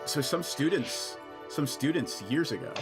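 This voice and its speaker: A man's voice: on the high side, lively intonation, measured pace, music in the background, pitched above the performer's own voice. A man voicing a male owlfolk tavern assistant manager who is easygoing and offhand.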